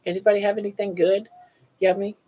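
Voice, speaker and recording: A woman's voice: mid-range voice, little pitch movement, fast. Older woman, livestream host, chatty, reads comments and greets viewers, muffled lo-fi sound. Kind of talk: casual livestream chat. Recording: dull lo-fi livestream audio.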